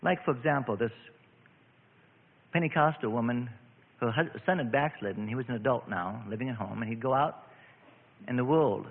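A man's voice: medium pitch, moderate pace, gravelly, pauses often. A man preaching a radio sermon in an earnest, storytelling way, often repeating himself. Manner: earnest, animated storytelling with repetitions. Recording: tinny narrow-band radio broadcast with hall reverb.

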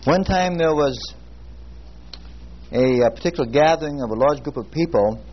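A man leads a Bible class, speaking in an earnest, halting way, full of ums and restarts. His voice sits at an ordinary middle pitch. The recording is muffled and lo-fi, with faint hiss underneath. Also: animated. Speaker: Bible teacher. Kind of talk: Bible class teaching with prayer.

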